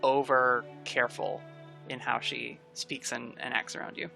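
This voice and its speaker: A woman narrating as game master of a tabletop game, in a relaxed, chatty way. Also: extremely low pitch, gravelly, music in the background. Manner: relaxed, chatty narration with quick voiced asides.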